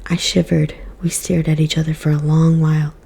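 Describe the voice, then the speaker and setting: A woman giving a soft, whispered ASMR book reading as storyteller. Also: sits low, level tone, fairly quick, vocal fry, husky.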